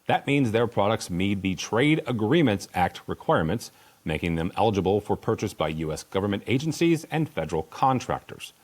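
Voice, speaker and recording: A man hosting a podcast, reading industry news in a steady scripted delivery. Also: lowish voice, a little fast. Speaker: host.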